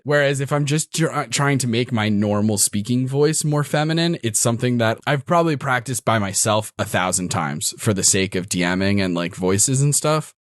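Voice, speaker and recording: A man's voice: mid-range voice, moderate pace, hardly any pauses, no room sound, studio quality. A man, a podcast guest who runs tabletop games, chatting casually and thinking aloud with lots of fillers. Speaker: podcast guest and dungeon master. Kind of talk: casual chat.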